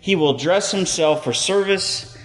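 A man's voice: high voice, expressive, unhurried. Conversational man preaching in a reverberant hall. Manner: conversational, self-deprecating, many fillers. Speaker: pastor. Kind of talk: sermon.

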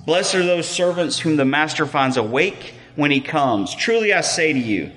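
A man preaching a sermon as a pastor in a relaxed, conversational way, joking at his own expense and using lots of fillers. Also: on the high side, moderate pace. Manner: conversational, self-deprecating, many fillers. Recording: long reverb of a hall.

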